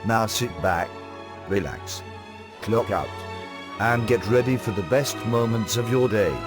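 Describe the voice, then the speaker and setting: A man's voice: lowish voice, measured pace, lightly acted. A man reading a formal show introduction in a regal British-sounding voice. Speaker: show announcer. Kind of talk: scripted announcer intro. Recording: music bed behind.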